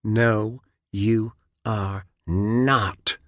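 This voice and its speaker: Guy doing a stern lady director, cold and deliberate, each word hit. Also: mid-range voice, fairly even intonation, dry recording, studio quality, pitched above the performer's own voice, close to an everyday voice. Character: stern female public health director.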